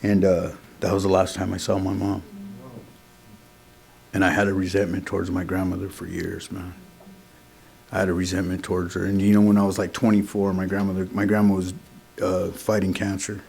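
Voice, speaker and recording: Low-voiced man sharing his story. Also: little pitch movement, a little fast, creaky, darkish tone, slight background noise. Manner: casual and earnest, lots of "man" and "you know". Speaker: AA meeting speaker. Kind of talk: sharing a recovery story at a meeting.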